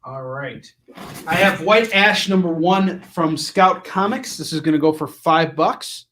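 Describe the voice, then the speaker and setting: Animated, jokey male comic-shop host. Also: a little high, unhurried, roomy sound. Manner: animated and jokey, shouting silly sound effects. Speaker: host of a live comic shopping show. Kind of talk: live sales pitch, casual chat.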